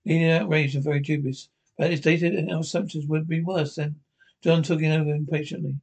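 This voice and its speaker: A man reading aloud a fan-written scene description of a TV episode, halting and often stumbling and repeating words. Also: on the high side, little pitch movement, creaky, a little mellow, breathy edge. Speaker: narrator.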